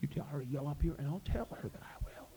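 A man's voice: on the high side, lively intonation, fast, dark tone, a little hiss or hum. A man voicing a plainspoken young country lad.

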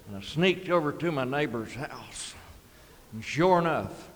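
A middle-aged man spins a comic yarn in a drawling, deadpan way. His voice sits a little high. It carries the long reverb of a live hall over faint ambience. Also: a little slow, slight background noise. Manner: drawling, deadpan, with sound effects and chuckles. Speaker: storyteller. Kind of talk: folksy comic storytelling.

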